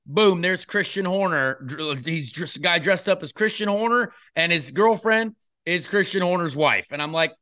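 A man's voice: high voice, expressive, moderate pace, sharp tone. A young man hosting a podcast, chatting loosely and filling his talk with "like.". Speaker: podcast host, race driver. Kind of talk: casual podcast chat.

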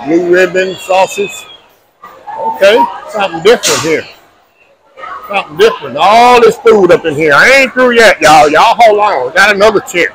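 A man's voice: high-pitched, expressive, moderate pace, fairly bright tone, rough recording. A man giving casual walking vlog narration at outdoor food tents, talking straight to viewers as y'all. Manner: chatty, addresses viewers as y'all. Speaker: food vlogger. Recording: busy crowd noise around.

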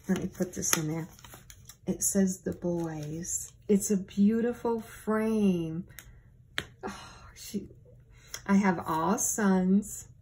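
A middle-aged woman opening gifts from a friend on her home channel, talking in a gentle, gushing, thankful way with soft laughs. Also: mid-range voice, a little hiss or hum, poor audio. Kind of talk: casual unboxing chat.

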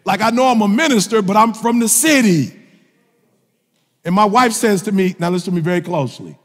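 Guy preaching really high-pitched, shouting and repeating himself, big echoey hall. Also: expressive, fairly quick. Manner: impassioned preaching, repeating phrases, often shouting; colloquial and joking. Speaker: minister. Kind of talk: sermon. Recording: long reverb of a large hall.

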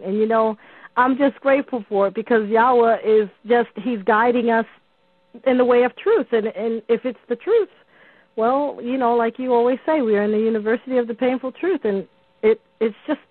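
A woman's voice: a little high, no echo. A woman calling in to a radio show, talking earnestly with hesitant restarts. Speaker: caller. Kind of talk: call-in radio conversation. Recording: tinny phone line.

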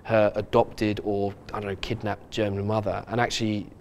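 Low-ish guy hosting a podcast, earnest and stumbly, lots of ums. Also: level tone, a little mellow, slight background noise. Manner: halting, earnest, many restarts. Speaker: podcast host. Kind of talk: casual podcast chat.

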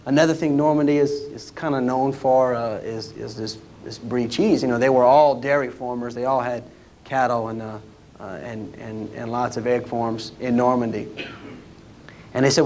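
Brief: man, historian, folksy storytelling lecture, middle pitch. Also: fairly even intonation, normal speed, a little mellow, a little hiss or hum. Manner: folksy, anecdotal, with many "uh" restarts. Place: lecture room at a history roundtable.

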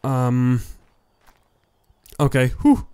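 A man narrates his gameplay as a gaming YouTuber doing let's play commentary, drawing out words in a medium-pitched voice that grows hoarse. He's excitable and yells when he dies in the game. Faint background music sits under a close, loud headset or desk mic.

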